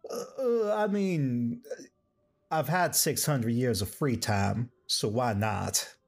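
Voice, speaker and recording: A man voicing a centuries-old male dragonborn in a put-on Southern drawl, halting and rambling. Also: medium pitch, lively intonation, gravelly, heavily acted. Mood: musing.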